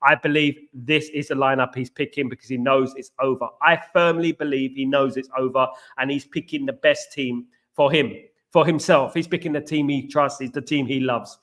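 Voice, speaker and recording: A man hosting a live football watchalong, chatting fast and repeating himself while greeting viewers by name. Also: medium pitch, fairly even intonation, fairly bright tone. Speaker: watchalong host. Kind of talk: live stream chat.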